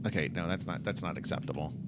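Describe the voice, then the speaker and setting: Low-pitched and quick, the man's voice comes through heavy background noise. He's a game developer on a livestream, reasoning aloud as he fixes bugs, muttering, and speaking directly to his chat in casual talk while he codes.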